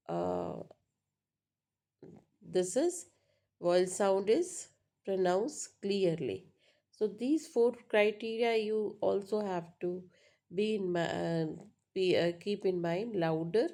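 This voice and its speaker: A woman teaching a lesson on word stress, pausing often with fillers and asking "right?" to check understanding. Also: lowish voice, creaky, warm tone. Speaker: English teacher. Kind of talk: spoken lecture on pronunciation.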